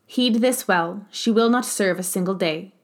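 A calm, authoritative town mayor, read by a woman narrator. His tone is gentle and conciliating, yet he leaves no room for argument. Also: mid-range voice, normal speed, natural voice. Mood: calm authority.

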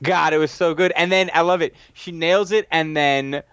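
A man's voice: fairly high pitch, fairly even intonation, normal speed, a bit bright, clear, resonant tone, no room sound, dull audio. A man recapping a TV episode in casual, enthusiastic chat as a podcast co-host, rambling with restarts.

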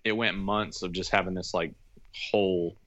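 Man, low voice, hesitant and filler-heavy casual talk, slightly muffled lo-fi recording. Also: steady tone, fairly bright tone. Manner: halting, many fillers and restarts. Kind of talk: casual chat.

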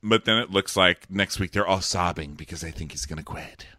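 A man's voice: deep voice, fairly quick, sharp tone, no echo, clean studio sound. A man co-hosting a podcast, recapping a TV show in casual, campy chat and quoting people in voices. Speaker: podcast co-host.

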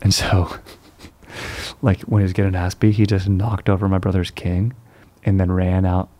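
A man's voice: low voice, little pitch movement, normal speed, warm tone, dry recording. A young man chatting casually and profanely, calling everyone "dude" as he rambles through stories. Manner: laid-back, profane, says "dude" constantly. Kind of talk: casual chat.

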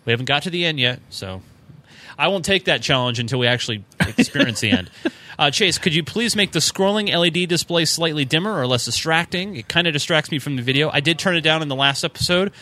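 Bright-voiced man reading listener emails. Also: fairly high pitch, expressive, quick pace. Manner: reads emails aloud with fillers and chuckles. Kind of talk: casual podcast chat.

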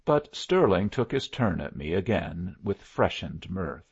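A man reading a first-person story aloud as an audiobook narrator, in a gravelly voice. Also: deep voice, expressive, a little slow, few pauses, dull audio.

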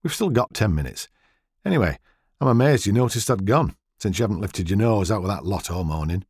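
A man's voice: on the low side, animated, brisk, darkish tone, slightly rough, no echo, clean studio sound. A man voicing a cheeky, blunt English husband with a teasing, sarcastic edge in an audiobook.

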